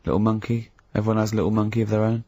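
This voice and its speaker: Brief: low husky man, dead-dry recording, faint music underneath. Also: completely flat delivery, rapid-fire, dark tone, no room sound. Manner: wry, leading questions.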